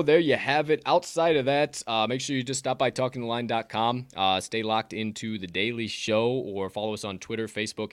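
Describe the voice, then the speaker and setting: Energetic, swearing podcast host man. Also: lowish voice, smooth, no room sound. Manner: energetic, swearing, rambling banter. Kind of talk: casual sports betting chat.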